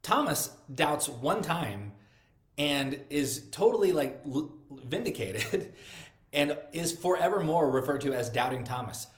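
A man's voice: a little high, lively intonation, measured pace. A man preaching a sermon in a conversational way, often restarting and repeating words. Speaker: pastor. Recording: echoey room.

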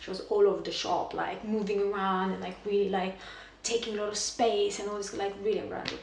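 A woman chats animatedly as a podcast guest, leaning on "like" and "you know" as she tells her stories. Her voice is neither high nor low. It bounces around an echoey room, picked up from some distance away, with a faint hiss underneath. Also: a little fast, gravelly. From Romania. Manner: animated storyteller, heavy use of "like" and "you know". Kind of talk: casual conversation.

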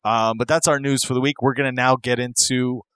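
A man hosting a casual wrestling podcast, with a bright, forward voice recorded close and dry. He rambles and tells stories with animation, often putting on the voices of the people he quotes. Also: medium pitch, brisk, clear, resonant tone, no room sound. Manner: rambling, animated storyteller who acts out quotes. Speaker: podcast host.

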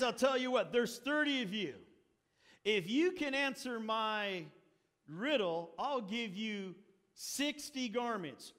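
A man with a high voice preaches in a storytelling way, acting out the quoted characters and dropping dry asides. His voice rings with the long reverb of a big hall. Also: pushed and bright. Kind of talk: sermon.

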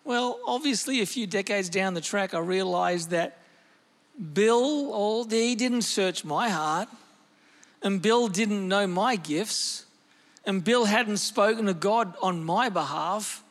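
High-voiced preacher in a reverberant hall. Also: male voice, slow pace. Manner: animated storytelling preacher, shifting pace and loudness. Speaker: pastor. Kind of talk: sermon.

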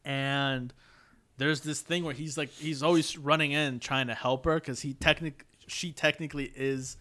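A man co-hosting a podcast in casual chat, rambling and halting with frequent restarts. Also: fairly high pitch, fairly even intonation, sharp tone. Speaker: podcast co-host.

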